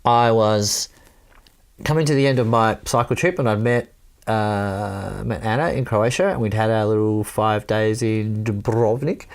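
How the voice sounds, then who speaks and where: A man's voice: on the low side, measured pace. A Welsh man from Wales telling a rambling story in casual chat, laughing often and swearing now and then.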